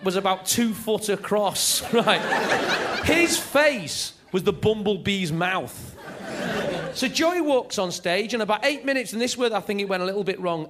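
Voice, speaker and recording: A man doing a stand-up comedy set, telling stories with energy. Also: sits high. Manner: energetic, animated storytelling.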